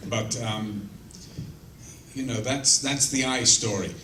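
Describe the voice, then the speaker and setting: A man spins blunt, cheeky stories for a fan crowd, his voice bright and forceful. He sounds a bit away from the mic in a roomy hall, with a faint hiss behind him. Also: mid-range voice, slow pace. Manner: blunt, profane, self-mocking anecdotes. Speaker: guest actor answering fan questions. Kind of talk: casual storytelling Q&A. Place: large convention room with audience. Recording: roomy echo, mic at a distance, faint noise.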